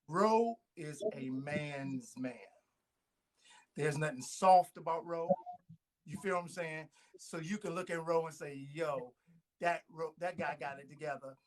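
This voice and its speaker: A man as a guest on a casual interview show, talking earnestly in relaxed slang as he thanks and praises people. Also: a little high. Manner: earnest, warm shout-outs, relaxed slang.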